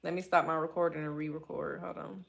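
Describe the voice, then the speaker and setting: A woman's voice: deep voice, level tone, fast talker, creaky. A woman, talking candidly and with animation, calling her listeners y'all. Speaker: podcast host. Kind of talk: solo podcast talk reading live chat.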